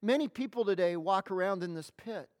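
Woman preacher, mid-range voice, emphatic sermon delivery with drawn-out key words and repeated starts. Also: medium pitch, expressive, a little mellow. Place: in front of a congregation.

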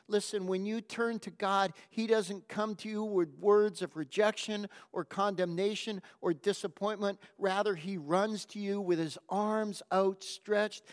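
A man preaching a sermon, telling a story in a slow, gentle, reflective way. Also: high-pitched, clear, resonant tone. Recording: long hall reverb.

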